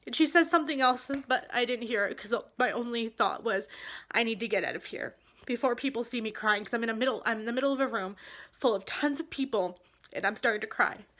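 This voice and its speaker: A woman vlogger recounting a personal experience straight to the camera. Her voice sits a little high, and she speaks earnestly, pausing and restarting as the feeling catches up with her. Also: fairly bright tone. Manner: earnest, halting, emotional. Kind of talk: candid personal storytelling.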